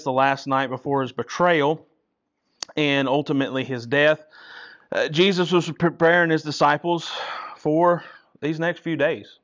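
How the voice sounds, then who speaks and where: A man with a mid-range, fairly bright voice leads a Bible study in a conversational teaching style. He often checks in with listeners by asking "right?" after his points, and the recording sounds dull and lo-fi.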